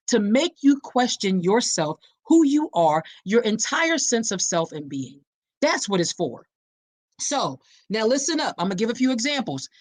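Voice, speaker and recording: A woman hosting an awareness podcast. She preaches straight to her listeners, calls them y'all, and lands her points with punchy emphasis and dramatic pauses. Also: on the high side, no room sound. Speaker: podcast host.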